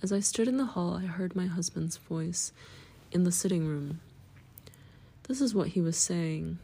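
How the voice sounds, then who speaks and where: Husky low-voiced woman reading aloud. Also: measured pace, pauses often, mellow. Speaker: narrator. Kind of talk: audiobook reading of a story.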